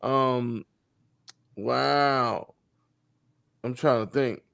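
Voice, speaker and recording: A man hosting a casual interview, slangy and laid-back, animated when he gets going. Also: medium pitch, drawn-out words, creaky. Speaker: podcast host.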